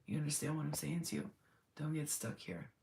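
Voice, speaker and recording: A woman's voice: sits low, animated, brisk, vocal fry, a little mellow, a little hiss or hum. A woman medium giving a live channeled reading, rambling and emotional as she speaks to a spirit and to her client.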